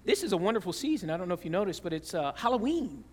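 A man preaching a sermon as pastor, telling stories with animated shifts between quiet and loud. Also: racing, big-room sound, slight background noise. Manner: animated storytelling with big swings in pitch and loudness.

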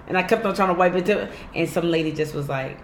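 A woman's voice: on the low side, fast talker, echoey room, slight background noise. A woman in casual podcast chat, candid, laughing often and swearing freely. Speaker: podcast co-host.

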